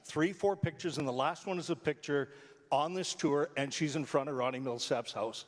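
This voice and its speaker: An older man, a longtime radio personality, tells heartfelt stories on a theatre stage. His voice runs a little high and he tells them with animated, emotional energy. The sound carries a long reverb from the hall. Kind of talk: storytelling speech to a live audience.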